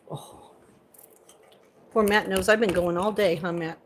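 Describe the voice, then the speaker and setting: A woman vlogger chatting casually with viewers from her kitchen, rambling and animated, breaking into high excited squeals. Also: measured pace, a little hiss or hum, poor audio. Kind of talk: casual live chat. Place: home kitchen.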